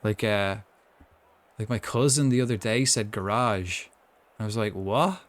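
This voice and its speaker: A man's voice: lowish voice, steady tone, normal speed. A young man chatting casually while commentating his own football management game, rambling with lots of asides. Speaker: gaming streamer.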